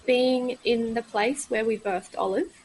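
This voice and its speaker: A woman in her thirties, a midwife, speaking as a guest in a candid podcast conversation, halting and frank with many pauses and fillers. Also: a little high, fairly even intonation, darkish tone, slight background noise, rough recording.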